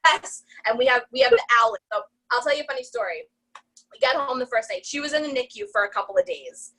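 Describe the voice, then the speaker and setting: A young woman, a new mom, guest on a casual podcast, telling stories in an animated way with lots of fillers and laughter. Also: on the high side, quick pace, low-quality recording. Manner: animated storytelling, many "like" fillers, laughs often.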